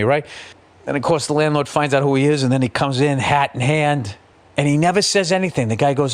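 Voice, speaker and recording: A man's voice: fairly high pitch, brisk. Profane middle-aged man ranting casually. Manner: profane, animated storytelling with impressions. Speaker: podcast host. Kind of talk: casual podcast monologue.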